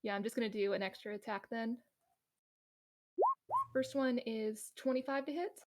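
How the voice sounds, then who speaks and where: Woman player, higher voice, laughing. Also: moderate pace, a little mellow. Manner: laughing, self-deprecating. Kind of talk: casual game chat.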